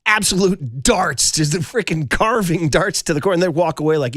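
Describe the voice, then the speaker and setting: A man's voice: fairly high pitch, normal speed, no echo. A middle-aged man hosting sports talk radio in a studio, telling stories with lots of fillers. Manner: animated storytelling, frequent fillers.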